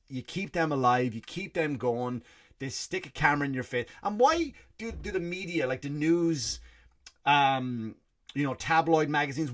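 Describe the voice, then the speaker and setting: A man's voice: on the high side, a bit bright. A middle-aged Irish man, his accent partly Americanized, doing a blunt, profane comedy rant as a podcast host and often restarting his sentences. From Ireland. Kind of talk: ranting comedy monologue.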